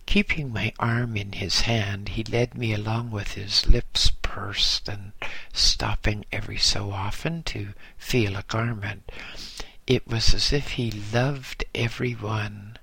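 Slow, gravelly male storyteller. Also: lowish voice, fairly even intonation, pushed and bright, no echo. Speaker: narrator. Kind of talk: audiobook memoir narration.

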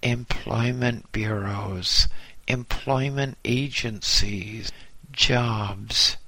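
A man reading a memoir aloud in a measured, precise way. His low voice is gravelly and husky, yet bright on top. The pace is slow and the sound close and dry. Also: fairly even intonation, dry recording. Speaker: narrator. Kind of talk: audiobook narration.

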